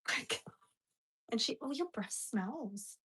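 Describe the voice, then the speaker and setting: A woman's voice: a little high, lively intonation, slow pace, bright, forceful tone, husky. A woman with an Australian accent chatting casually on a home livestream, rambling and talking to a dog between remarks.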